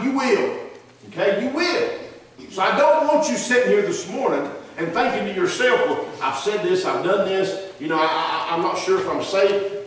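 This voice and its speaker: A man's voice: sits high, a bit bright. A middle-aged man with a Southern US accent preaching a sermon as pastor, folksy and self-deprecating, rambling through asides. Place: church sanctuary. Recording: very echoey church room, mic far off, faint hiss.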